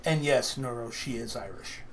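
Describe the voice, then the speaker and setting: A man co-hosting a live stream, relaxed and reassuring as he hands the floor to a caller. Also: mid-range voice, normal speed, a crowd in the background. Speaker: co-host. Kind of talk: live stream casual chat.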